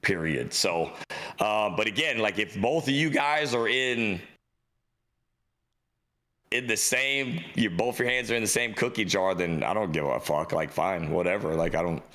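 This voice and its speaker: A man's voice: on the low side, a little slow. A young man co-hosting a podcast in casual chat, telling stories with lots of swearing and acting out the other people in them. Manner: animated storyteller, swears freely, acts out quoted voices. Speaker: podcast co-host.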